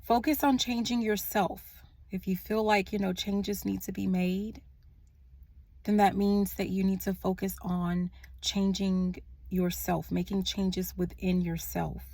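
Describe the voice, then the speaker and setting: Slow, soft-spoken woman channeling spiritual messages. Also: mid-range voice, flat delivery, creaky, no room sound. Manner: slow, soft-spoken and earnest, trailing into hushed tones. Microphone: phone.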